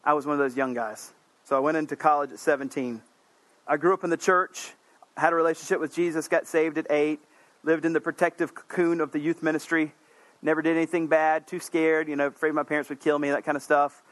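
A man preaching a sermon in an earnest, conversational way, with asides, climbing to emphatic peaks and falling back low and quiet. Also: steady tone, a little fast, dry recording.

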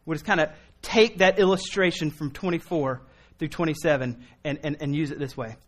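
A man preaching a sermon in an earnest, pleading way, moving from quiet reasoning to impassioned appeals. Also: on the high side, a little fast. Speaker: pastor.

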